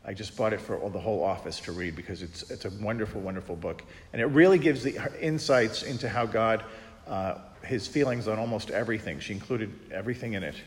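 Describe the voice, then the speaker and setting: Priest teaching in a reverberant hall. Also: male voice, on the low side. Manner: conversational, teaching with anecdotes and impressions. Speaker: Catholic priest. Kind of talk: teaching talk on prayer. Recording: long reverb in a large hall.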